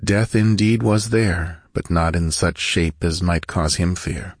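A man reading an adventure story aloud as narrator in a measured, steady way. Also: deep voice, dry recording, studio quality. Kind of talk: scripted audiobook narration.

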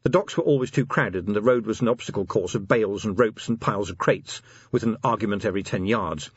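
A man's voice: lowish voice, quick pace, breathy edge, no echo, lo-fi sound. A man narrating an audiobook expressively, giving each character a voice.

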